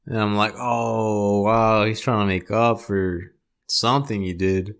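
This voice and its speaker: A young man co-hosting a casual podcast, telling a story in a relaxed way with lots of like and you know. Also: lowish voice, moderate pace. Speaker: podcast co-host. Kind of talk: casual chat.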